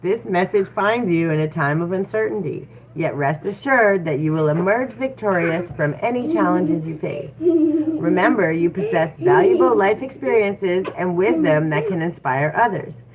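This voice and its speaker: Low-voiced woman on tinny audio. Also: lively intonation, normal speed, hardly any pauses, a crowd in the background. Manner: chatty and encouraging, with frequent fillers. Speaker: tarot reader. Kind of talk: casual livestream reading. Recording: tinny phone-like audio with faint noise.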